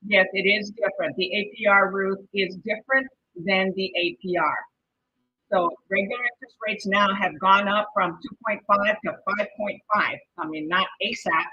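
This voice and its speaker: Woman, Mexican Spanish accent, exam prep instructor, chatty, encouraging, husky, dull lo-fi stream audio. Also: medium pitch, normal speed. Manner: chatty, encouraging, checks in with "okay?" often.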